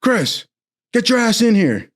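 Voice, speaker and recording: A man voicing a stern, profane male navy boot camp chief who barks threats at a recruit, pitched well above his own voice and loud. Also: very animated, unhurried, slight background noise, exaggerated voice. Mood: angry barking.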